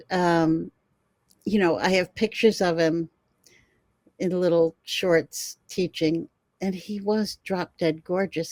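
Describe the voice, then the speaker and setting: An older woman, a guest herbalist, telling animated stories in an interview and laughing often. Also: lowish voice, no echo. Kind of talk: storytelling in an interview.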